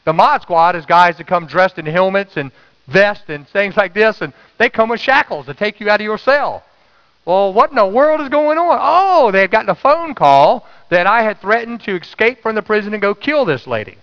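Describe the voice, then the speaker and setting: A man preaching a sermon, calling out to the congregation and dropping to a hush for quoted words. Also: sits high, lively intonation, moderate pace, clear, resonant tone, big-room sound, muffled recording. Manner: call-and-response preaching, swings from loud to hushed. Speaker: pastor.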